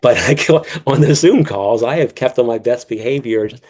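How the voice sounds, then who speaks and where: A man's voice: mid-range voice, moderate pace, darkish tone. A man guesting on a podcast, talking casually with many restarts and frequent laughter, joking and swearing freely. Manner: profane and joking. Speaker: guest author.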